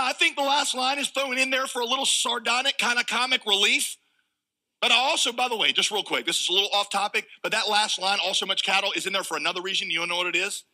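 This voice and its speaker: A man preaching a sermon in an animated way, acting out the voices of biblical figures with humor. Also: high-pitched, a little fast, poor audio. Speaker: pastor.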